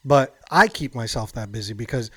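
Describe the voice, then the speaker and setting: A man's voice: mid-range voice, animated, normal speed. A man co-hosting a podcast, talking in an upbeat, emphatic way. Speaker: podcast co-host. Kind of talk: casual chat.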